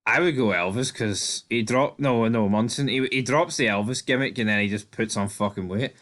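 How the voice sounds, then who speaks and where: A man's voice: medium pitch, normal speed, a bit bright. A man co-hosting a podcast, chatting casually in an easygoing, blunt way and swearing now and then. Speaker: podcast co-host. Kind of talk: casual TV recap chat.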